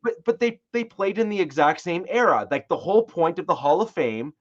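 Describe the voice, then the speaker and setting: A man's voice: sits high, expressive, a little fast, highs cut off. A man co-hosting a sports podcast, rambling through his points with frequent restarts. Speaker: podcast co-host. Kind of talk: casual sports chat.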